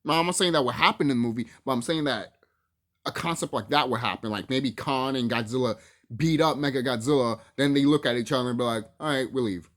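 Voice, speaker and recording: A man's voice: medium pitch, fast talker, a bit bright. A man casually ranting to his viewers, swearing freely, laughing often and repeating himself for emphasis. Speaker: YouTube movie commentator. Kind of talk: casual rant to camera.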